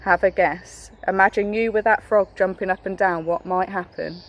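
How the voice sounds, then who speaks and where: A woman's voice: medium pitch, steady tone, brisk, a little hiss or hum, rough recording. A young woman teacher reading a picture book aloud to a class, encouraging and asking the children questions.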